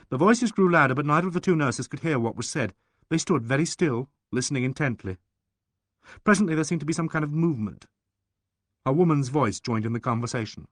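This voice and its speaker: A man reading a mystery audiobook aloud in an expressive, animated narration. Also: mid-range voice, a little fast, no room sound, studio quality.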